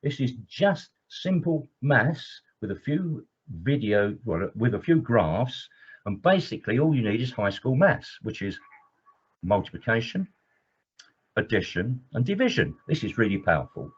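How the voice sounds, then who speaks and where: A man's voice: medium pitch, very animated, moderate pace, husky. A man teaching as an engineering trainer in a webinar lecture, enthusiastic and digressive, with many fillers. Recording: dull lo-fi webinar audio.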